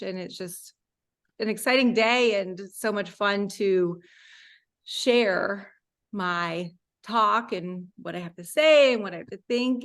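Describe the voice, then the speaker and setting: A woman of middle pitch gives a slide talk over a video call. She rambles in a warm way, with many ums and restarts. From Florida, USA. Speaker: guest speaker. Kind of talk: presentation with slides.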